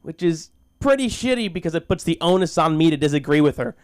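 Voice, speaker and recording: At an open mic on a small comedy school stage, a man rambles through a stand-up set and recited monologue, halting and restarting often in a goofy, self-deprecating way. His fairly high voice sounds smooth and clean, close and dry on a handheld mic with no echo.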